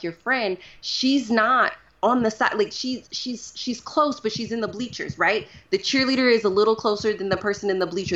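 A woman speaking as a guest in a casual interview, animated and full of "like" fillers. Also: mid-range voice, lo-fi sound. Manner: animated, uses many fillers like "like".

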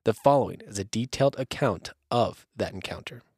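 A man's voice: fairly low pitch, fairly quick, a little mellow, husky, no echo, studio quality. A man hosting a podcast, casually reading a spooky story aloud between profane jokes. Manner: profane, jokey, reads aloud. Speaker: podcast host.

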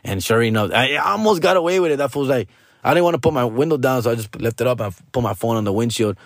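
A man's voice: lively intonation, quick pace, no room sound, studio quality. A middle-aged man hosting a podcast, telling a story in a casual, profane, slangy way with Spanish phrases mixed in. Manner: jumps to loud high mock voices for quoted people. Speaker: podcast host.

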